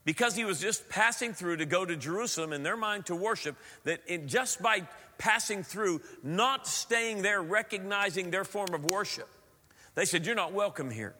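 A man preaching a sermon as pastor, animated with playful asides. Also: high-pitched, moderate pace. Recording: long hall reverb.

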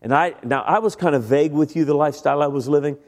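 A man's voice: a little high, quick pace. Middle-aged preacher telling his testimony in a hall. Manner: conversational storytelling, speaks directly to the congregation. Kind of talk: sermon with personal testimony. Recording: long reverb of a large hall.

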